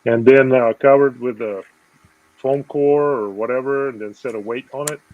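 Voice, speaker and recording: A man on a video call, calmly explaining an art technique step by step with lots of fillers. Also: mid-range voice, moderate pace, dry recording, narrow, tinny audio. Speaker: guest artist.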